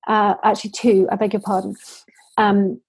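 A woman's voice: mid-range voice, level tone, normal speed, creaky, a little mellow, husky, no room sound. A woman from the United Kingdom, a social enterprise founder, answering interview questions in earnest stories full of restarts and fillers.

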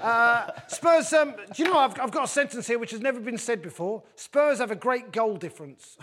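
A man's voice: extremely high pitch, lively intonation, normal speed, a bit bright. A man hosting a comedy football panel, teasing his guests with wry, self-mocking asides. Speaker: host of a comedy football podcast. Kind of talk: joking panel chat.

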